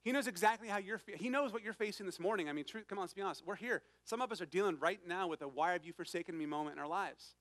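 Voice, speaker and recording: Man, pastor, earnest sermon, fairly high voice, dry close sound. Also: very fast, few pauses, fairly bright tone, no echo. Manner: earnest, conversational preaching with emphatic scripture reading.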